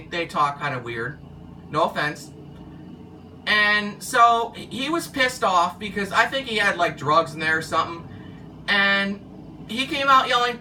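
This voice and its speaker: Brief: casual vlog storyteller, meandering and restarting, very bright tone, distant mic. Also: medium pitch, slight background noise. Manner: rambling, loses track and restarts. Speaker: former car wash worker.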